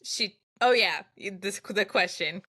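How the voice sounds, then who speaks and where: Bright-voiced giggly woman podcaster. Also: mid-range voice, a little slow. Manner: gushing, giggly, enthusiastic. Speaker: podcast co-host. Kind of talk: casual podcast chat.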